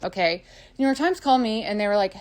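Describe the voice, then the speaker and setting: A woman musician telling her own story in a confessional monologue, swearing freely and swinging between loud angry bursts and quieter stretches. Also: mid-range voice, animated, fast.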